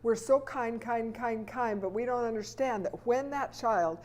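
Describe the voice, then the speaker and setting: A middle-aged woman answering interview questions as a family relationship expert, earnest and animated, often acting out what a parent might say. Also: on the high side, a little slow, a little hiss or hum.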